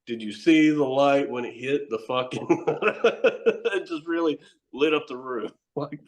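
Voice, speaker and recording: Guesting on a laid-back podcast, this wrestler and horror host has a mid-range voice and a measured pace. His stories wander and are full of swearing, and he laughs frequently as he tells them.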